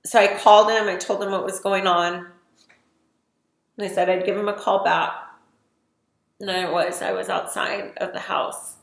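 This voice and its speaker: A woman's voice: medium pitch, level tone, moderate pace, vocal fry, long pauses. Middle-aged woman telling her story, roomy. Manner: emotional, retells events with quoted dialogue. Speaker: testimony speaker. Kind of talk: personal testimony storytelling.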